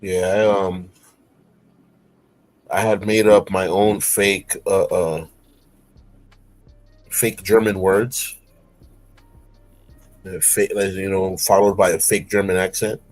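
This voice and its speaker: Animated New man chatting on stream. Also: slow, pauses often, faint music behind. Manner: animated storytelling, breaks into silly high-pitched voices. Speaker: streamer host. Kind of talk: casual chat. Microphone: streaming mic.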